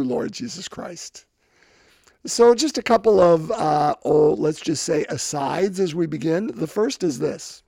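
A man preaching a homily in a fairly high, gravelly voice. He rambles and breaks off mid-thought, mixing in jokes. The recording is dry and close. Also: darkish tone, dry recording. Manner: rambling, self-interrupting, joking. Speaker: priest.

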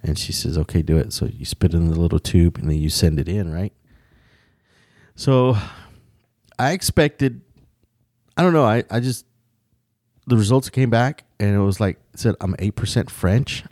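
Deep-voiced man in a rambling chat. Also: expressive, moderate pace, pauses often, a little mellow, no echo, clean studio sound. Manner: rambling, restarts often, swears freely. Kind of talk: casual chat.

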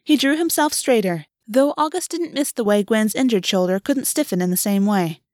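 A woman reading a fantasy story aloud with even, steady storytelling. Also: a little high, normal speed, dry recording, studio quality. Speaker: audiobook narrator. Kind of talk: fiction read-aloud.

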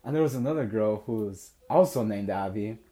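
Laughing frequently, a young man hosting a podcast shares a personal story in a lively, casual way. He speaks a little fast in a fairly low voice.

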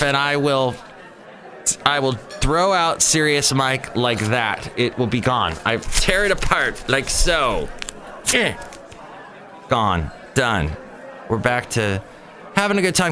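Lively-pitched man telling a story. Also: takes it slowly, some chatter behind. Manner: animated storytelling, mocking asides. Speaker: host. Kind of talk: casual chat.

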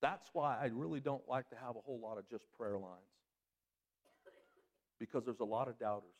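A man preaching a sermon as pastor, talking directly to his congregation. He swings his voice up high for emphasis and drops it low for serious points. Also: a little mellow.

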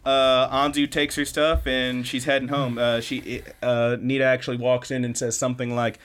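A man's voice: medium pitch, little pitch movement, moderate pace, few pauses, fairly bright tone, clean tone. A man co-hosting a podcast, recapping episodes in casual, enthusiastic chat full of "like"s and restarts. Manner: enthusiastic, rambling with many "like"s and restarts. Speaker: podcast co-host.

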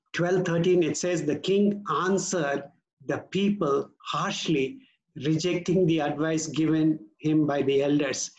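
A man preaching a sermon as pastor, earnest and measured, slowing down to stress key words. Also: a little high, poor audio.

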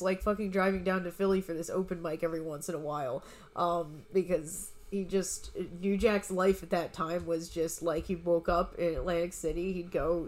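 A young woman comedian guest telling stories in a casual, rambling way, full of restarts and swearing. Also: lowish voice. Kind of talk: casual conversational storytelling.

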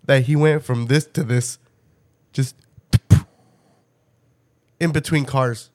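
A man hosting a podcast, telling a story in a loose, profane, animated way and often breaking into laughter. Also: a little high, slow, pauses often. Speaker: podcast host. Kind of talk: casual storytelling chat.

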